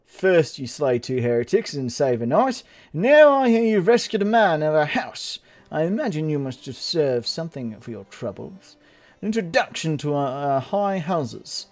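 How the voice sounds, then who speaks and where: A game player reading out a dignified noble official's lines in a measured, formal way. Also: mid-range voice, sing-song, a little mellow.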